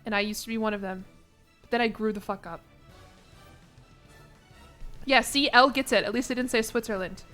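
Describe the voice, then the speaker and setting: A woman's voice: on the high side, steady tone, moderate pace, pauses often, fairly bright tone, soft background music. Self-mocking young woman streamer. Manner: self-deprecating, laughing, apologetic. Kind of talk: casual live-stream commentary.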